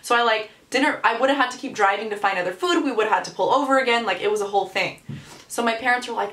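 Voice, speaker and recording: A young woman vlogger telling a story, animated and exasperated, with lots of "like.". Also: mid-range voice, quick pace. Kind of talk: storytime vlog. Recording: echoey room.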